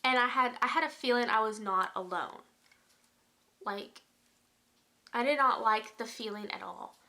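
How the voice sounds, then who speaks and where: Young woman, casual storytime vlog, chatty, bright voice, slightly high. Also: unhurried. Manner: chatty, animated retelling with many fillers. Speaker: vlogger. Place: home.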